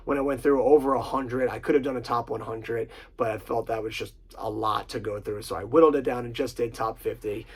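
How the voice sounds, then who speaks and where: Gravelly-voiced man, profane and excited. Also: medium pitch, low-quality recording. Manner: profane, enthusiastic, quotes lines in put-on voices. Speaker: host. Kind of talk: casual movie countdown commentary.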